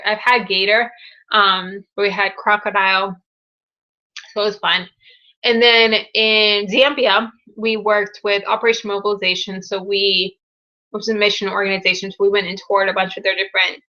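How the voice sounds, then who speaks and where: A young woman hosting a casual live Q&A, chatting warmly and gushing with excitement over viewers' news. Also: mid-range voice, highs cut off. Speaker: live Q&A host. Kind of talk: casual live-stream chat.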